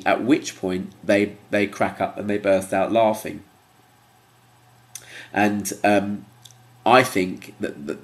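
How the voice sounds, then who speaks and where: A YouTuber talks casually to camera in a slightly low voice that sounds stuffy and nasal from blocked sinuses. He rambles loosely and hesitates often, filling pauses with ums.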